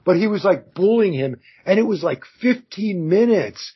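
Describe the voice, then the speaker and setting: A man co-hosting a podcast, recapping a TV show in casual, animated chat and acting out quotes with some swearing. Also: high voice, moderate pace, breathy edge. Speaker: podcast co-host. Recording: muffled lo-fi audio.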